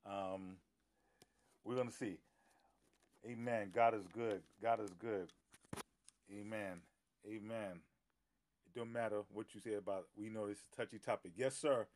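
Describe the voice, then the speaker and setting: His voice is fairly low, steady, and darkish, and he speaks unhurriedly with long pauses. He's a middle-aged pastor on a phone live stream, casually greeting viewers by name with plenty of fillers and easy laughter ahead of a Bible teaching.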